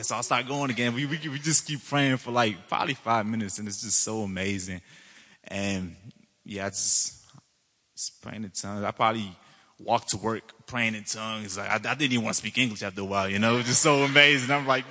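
A young man giving a church testimony, an animated storyteller who acts out his own excitement. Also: lowish voice, moderate pace, long reverb tail.

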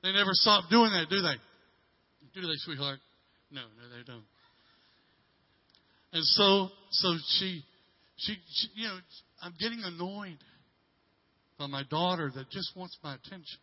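A middle-aged man preaches in a slightly high voice, telling a story with halting restarts and repeated words. He swings from loud emphasis to a hushed near-whisper. The sermon recording sounds dull and lo-fi. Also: animated. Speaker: pastor.

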